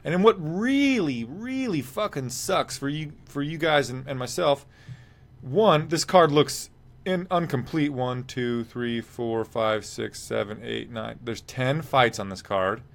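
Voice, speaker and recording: With a medium-pitched, animated and creaky voice, this man speaks unhurriedly as host of a live-streamed MMA podcast. He rambles in a casual way, reads out comments from viewers and offers blunt picks.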